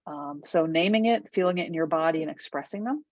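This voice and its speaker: Middle-aged woman, low voice, chatty meditation teacher, dull dry video-call audio. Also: fairly quick, no room sound. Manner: warm conversational teaching, frequent "right?" and "okay?". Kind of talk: guided workshop talk on a video call.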